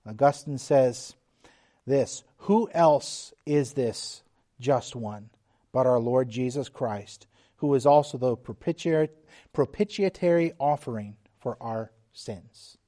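A middle-aged man preaching a sermon, slow and emphatic, dropping suddenly to quiet, hushed lines. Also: mid-range voice. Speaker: pastor.

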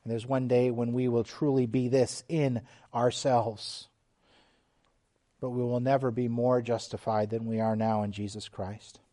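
A middle-aged man delivers a sermon in a mellow, darker voice. He preaches slowly and emphatically, pressing on key words and then falling to a hushed, quiet tone. His pitch sits in an ordinary middle range. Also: little pitch movement. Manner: slow, emphatic preaching with sudden drops to quiet. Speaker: pastor.

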